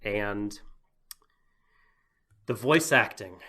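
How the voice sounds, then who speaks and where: Bright-voiced man in rambling podcast chat. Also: lowish voice, very slow. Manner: rambling, full of "like" and "you know", laughs often. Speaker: podcast co-host. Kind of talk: casual podcast discussion.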